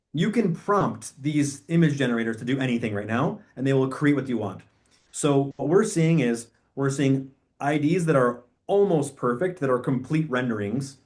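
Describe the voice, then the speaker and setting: A man teaching real estate agents in an animated training talk, often acting out quoted dialogue. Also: medium pitch.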